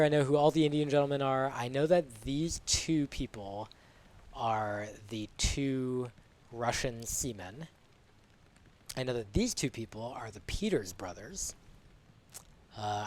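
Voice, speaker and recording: A man streaming a game live, musing aloud in a relaxed, unhurried way as he works things out. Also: mid-range voice.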